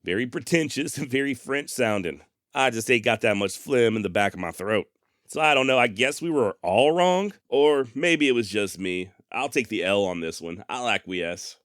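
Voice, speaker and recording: Recorded dry in a clean studio, a man of medium pitch narrates history for his podcast at a moderate pace, animated and fairly bright in tone. He leans on folksy phrasing, wry sarcasm, and regular jokes at his own expense.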